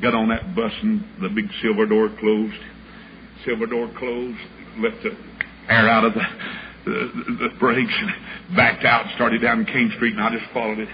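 A man's voice: on the low side, level tone, normal speed. An older man preaching a sermon, telling a story in a folksy, dramatic way and acting out the voices of the people in it. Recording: muffled old sermon recording with hiss.

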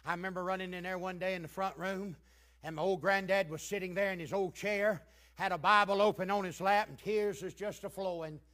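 An older man preaching a sermon, moving between hushed storytelling and fervent shouting. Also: high-pitched, steady tone, fairly quick.

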